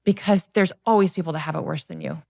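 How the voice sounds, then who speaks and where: Speaking quickly in a fairly low voice with vocal fry, a confidence coach in middle age shares personal stories as a podcast interview guest. She's earnest and lively, performing what others said in their own voices.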